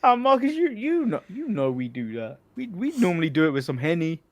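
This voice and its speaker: A man's voice: a little high, big pitch swings, fairly quick. An English man co-hosting a casual wrestling podcast, joking, swearing freely and laughing often. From England. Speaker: co-host.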